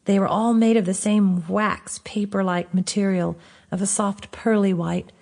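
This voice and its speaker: Woman calmly reading her own fantasy book. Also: medium pitch, moderate pace, gravelly. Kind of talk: audiobook narration.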